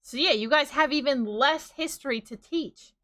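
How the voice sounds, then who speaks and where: A woman in her thirties with a New York accent chats with her live-stream audience at a desk mic. Her voice is bright and a little high. She rambles, laughs often and slips into playful quoted voices as she riffs. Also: moderate pace. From New York, USA. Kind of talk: casual live-stream chat with viewers.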